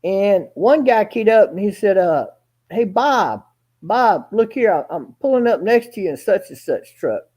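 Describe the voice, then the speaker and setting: A man with a husky, dark voice spins a rambling story in a casual, folksy way. His pitch swings widely as he acts out every exchange of dialogue, and he drops in the occasional curse word. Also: big pitch swings, unhurried. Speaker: guest storyteller.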